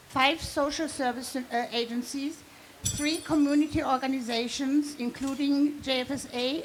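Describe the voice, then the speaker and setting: A woman with a high voice reads figures from a list at a charity event. Her reading is plain and goes item by item. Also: a little hiss or hum, poor audio.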